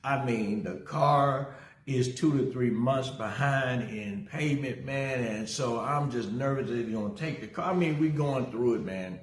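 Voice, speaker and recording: In an unhurried, medium-pitched voice, a middle-aged pastor leads an energetic yet casual livestream sermon, greeting viewers by name and telling a personal story. The room gives the recording a noticeable echo.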